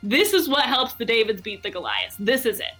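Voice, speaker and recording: A woman's voice: on the high side, brisk, soft background music. A woman who runs a marketing agency, talking as a guest in an enthusiastic, conversational way and acting out other people's voices as she tells stories. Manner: animated, acts out quoted voices.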